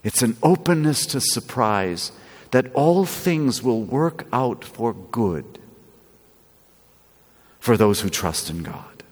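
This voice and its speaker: A man preaching a sermon, slow and lively, with playful asides. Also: mid-range voice. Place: church. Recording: echoey church with long reverb.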